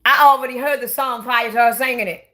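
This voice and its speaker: A middle-aged woman tells her own life story during a casual late-night talk, emotional and halting, often restarting and repeating words. Her voice is a little high, steady, pushed and bright.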